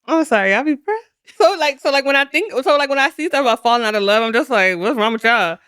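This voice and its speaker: A woman's voice: high voice, lively intonation, quick pace, fairly bright tone, no room sound, clean studio sound. A woman in her thirties co-hosting a podcast, talking candidly and expressively with frequent laughter and casual slang. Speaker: podcast co-host.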